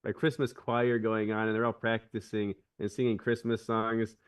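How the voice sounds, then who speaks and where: A man's voice: on the low side, flat delivery, moderate pace, clean tone, far from the mic. A man on a podcast, chatting casually and retelling a film scene with many restarts. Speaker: podcast co-host. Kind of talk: casual chat.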